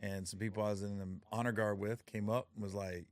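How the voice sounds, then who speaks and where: A man's voice: little pitch movement, quick pace, dry recording, clean studio sound. A middle-aged man in casual chat, telling stories and acting out what people said, often breaking into laughter. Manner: storytelling, acts out quotes with rising pitch and laughter.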